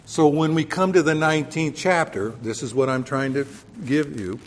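A man's voice: mid-range voice, long reverb tail. A man preaching a Bible lesson in a conversational way, explaining with everyday examples and correcting himself as he goes. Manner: conversational, explains with homely examples, many fillers and self-corrections. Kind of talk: Bible teaching sermon.

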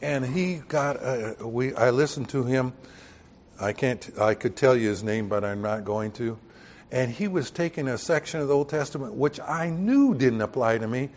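A man from Texas preaching a Bible sermon in a conversational way, growing loud and emphatic on key points. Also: mid-range voice, animated, moderate pace. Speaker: pastor.

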